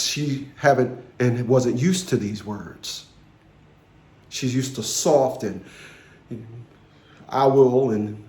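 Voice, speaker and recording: A man's voice: mid-range voice, a little mellow, echoey room. A man in his fifties, ranting bluntly to camera and telling a story, profane and commanding, repeating phrases for emphasis. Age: 50s. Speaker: vlogger.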